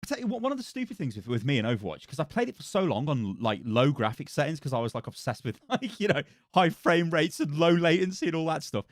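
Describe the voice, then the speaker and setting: A man's voice: fairly high pitch, very animated, fast talker, few pauses, no room sound. A man hosting a live stream in a chatty, easygoing way that is full of laughs. His voice swings up and down a lot. The sound is dry and close, with no room in it. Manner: chatty, laughs often, reads out chat. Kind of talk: casual live-stream chat.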